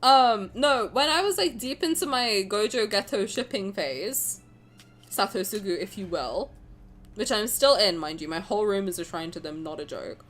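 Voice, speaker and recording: A woman's voice: mid-range voice, animated, moderate pace, fairly bright tone, faint music behind. A young woman streaming a game, chatting playfully with her chat, teasing and swearing freely. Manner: answers chat messages aloud. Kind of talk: casual livestream chat.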